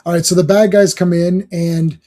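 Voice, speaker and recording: A man's voice: high-pitched, flat delivery, moderate pace, a crowd in the background. A man in his thirties co-hosting a casual talk show about comic books, rambling and acting out lines from the pages. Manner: rambling, acts out quotes from the comic. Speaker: podcast co-host. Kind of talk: casual comic book discussion.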